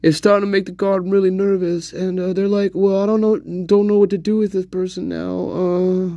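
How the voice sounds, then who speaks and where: A man's voice: high-pitched, flat delivery, a little fast, creaky, warm tone, no room sound, lo-fi sound. A man doing a hesitant, rambling heckler. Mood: teasing.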